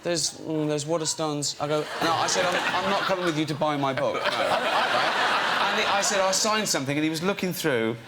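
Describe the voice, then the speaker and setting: Chatty British man, slightly high voice. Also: animated, very noisy. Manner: chatty, acting out the fans in quick quoted lines. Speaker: comedian guest. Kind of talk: comic anecdote on a chat show. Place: TV studio with audience.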